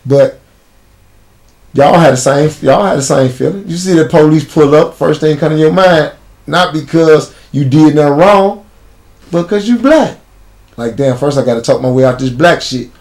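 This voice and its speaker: A man's voice: on the high side, normal speed, a little mellow. A man with a Chicago accent, an interview guest telling stories bluntly in street slang. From United States. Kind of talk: casual interview storytelling.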